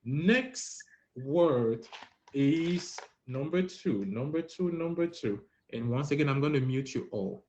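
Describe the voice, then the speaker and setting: A man's voice: a little high, slow, a little mellow. A man hosting a playful pronunciation quiz on a live stream, teasing the players as he calls on them. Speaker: host running a live-stream French pronunciation game. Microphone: live-stream app audio. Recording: dull lo-fi stream audio.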